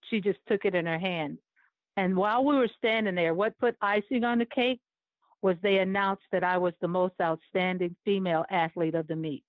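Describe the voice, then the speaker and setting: A woman's voice: medium pitch, no echo. A woman in her seventies, a former Olympic runner, telling a vivid, emotional personal story in an interview and laughing often. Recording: dry, tinny phone-line sound.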